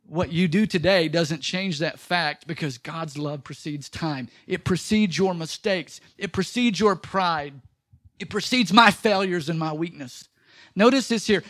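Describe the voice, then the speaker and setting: A man preaching a sermon as pastor, swinging from loud exclamations to slow, soft, emphatic lines. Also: high-pitched. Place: church.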